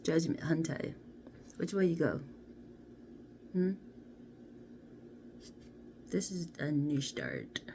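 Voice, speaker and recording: A woman doing a casual card reading to camera, chatty and playful, often dropping into soft half-whispers. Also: low voice, slow pace, creaky, long pauses. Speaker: card reader. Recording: steady background noise.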